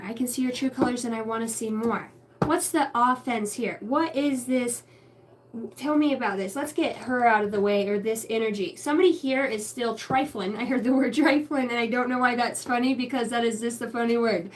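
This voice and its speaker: A woman's voice: fairly high pitch, normal speed. A woman giving a channeled tarot reading, rambling through names and numbers and swearing casually. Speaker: psychic reader.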